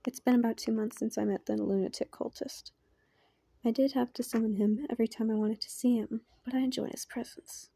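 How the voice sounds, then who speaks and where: Quiet, half-whispering woman reading a story. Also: a little high, steady tone, brisk, creaky, husky, no echo. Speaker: fan fiction reader. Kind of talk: reading a fan story aloud.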